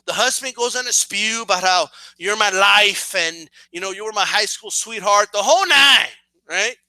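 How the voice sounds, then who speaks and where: High-pitched, bright, profane male ranter. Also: moderate pace, no room sound. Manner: profane, animated, keeps asking "right?". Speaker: vlogger. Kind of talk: casual comedic rant.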